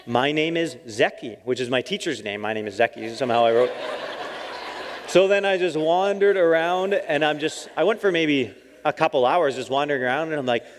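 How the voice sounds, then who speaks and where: Animated man in a reverberant hall. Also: on the high side, normal speed, a little hiss or hum. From Canada. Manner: animated, acts out his own quoted lines, laughs often. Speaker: missionary giving a church talk. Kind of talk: storytelling talk.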